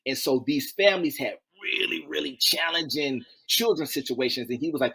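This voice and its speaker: A man as an interview guest, telling stories in a lively, folksy way, acting out quotes and repeating key phrases. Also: on the high side, moderate pace, gravelly, hardly any pauses, breathy edge. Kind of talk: animated interview storytelling.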